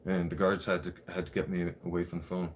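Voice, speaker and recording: Deep-voiced man telling his story. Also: flat delivery, fast talker, slight background noise. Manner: candid, swears freely, repeats "I'm like". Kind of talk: casual personal storytelling.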